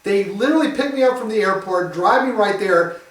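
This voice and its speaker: High-voiced man telling a story in an echoey room. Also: brisk. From Detroit. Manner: animated, self-mocking storyteller. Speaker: speaker giving a testimony. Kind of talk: storytelling to a live audience. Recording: roomy echo, mic at a distance.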